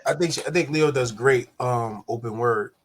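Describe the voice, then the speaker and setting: A man's voice: mid-range voice, moderate pace. A man co-hosting a podcast, talking in a playful, laid-back way. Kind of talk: casual podcast chat.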